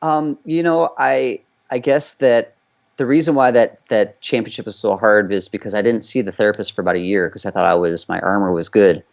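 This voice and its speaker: A man from the United States, a former competitive skater appearing as an interview guest, speaks in a low, creaky voice at a brisk pace. He tells a candid personal story in loose, conversational run-on sentences full of fillers.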